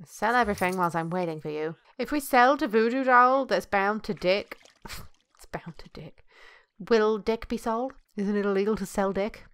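A woman giving crude, excitable commentary while playing a video game. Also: medium pitch, normal speed, few pauses, clear, resonant tone, no room sound. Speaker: let's play gamer. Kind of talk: gameplay commentary.

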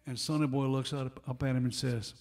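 A man's voice: mid-range voice, steady tone, fairly quick, a little mellow. A man, a bandleader at a live gig, telling a long anecdote between songs in a rambling, conversational way, full of asides, recorded on a stage microphone in a music club. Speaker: bandleader and harmonica player.

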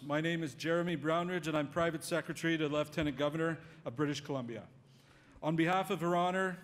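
A man's voice: on the high side, long reverb tail. A man serving as master of ceremonies, giving a polished, genial, formal address at an official ceremony. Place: hall at official residence.

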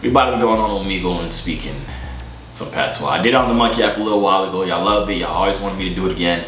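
A man's voice: low voice, racing, a bit bright, a little hiss or hum. A young man vlogging in a joking, boastful way, full of slang, in a room. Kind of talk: comedic vlog chat. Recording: echoey room.

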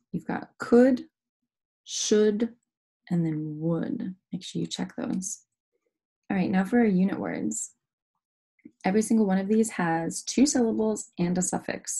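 A woman's voice: medium pitch, creaky, mellow, slightly rough. A young adult woman teaching an online phonics lesson, explaining each step patiently.

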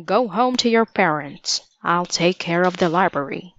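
A woman's voice: fairly low pitch, lively intonation, unhurried, slight background noise. A woman reading aloud and voicing a careful, brusque grown man in a storybook. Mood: firm. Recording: dull lo-fi dry recording.

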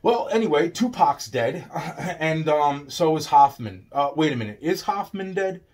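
A man delivering a rambling, profane monologue that swings between loud outbursts and low muttering. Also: animated, moderate pace.

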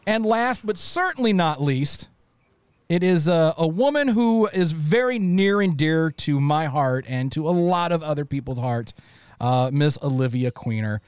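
A man's voice: fairly high pitch, animated, a little slow, darkish tone, smooth, no room sound, studio quality. A man hosting a podcast panel, introducing guests with playful jokes. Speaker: host. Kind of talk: casual podcast panel chat.

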